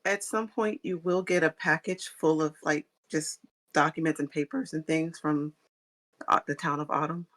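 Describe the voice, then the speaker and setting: A game master runs a tabletop session with a bright, forward voice. They narrate the story and speak reassuringly for the characters. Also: medium pitch, steady tone, normal speed.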